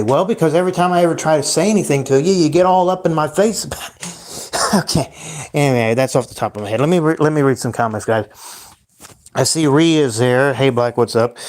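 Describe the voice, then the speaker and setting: A man's voice: on the high side, darkish tone. A young man hosting a casual livestream, rambling on, swearing often, sighing and trailing off mid-thought. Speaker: livestream host.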